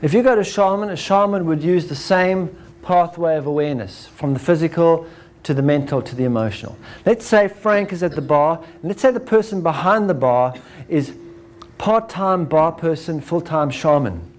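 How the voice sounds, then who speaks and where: A man giving a lecture to an audience, animated, acting out examples and ending points with "right?". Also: fairly high pitch, moderate pace. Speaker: speaker.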